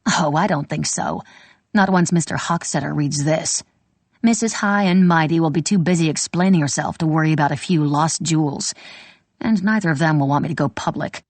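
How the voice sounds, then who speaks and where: A woman's voice: sits low, normal speed, a little mellow, no echo. A woman voicing Ginny, a bold young woman thief speaking defiantly and slyly. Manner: defiant, sly.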